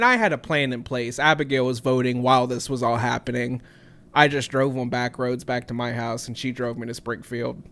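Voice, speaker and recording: A young man co-hosting a podcast, telling a story in a casual, profane, animated way. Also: medium pitch, clean tone. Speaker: podcast co-host.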